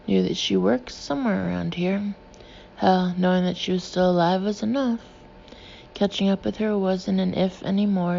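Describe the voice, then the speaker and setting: Gravelly-voiced woman reading an audiobook. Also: medium pitch, warm tone, lo-fi sound, slight background noise. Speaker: audiobook narrator. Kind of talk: audiobook narration.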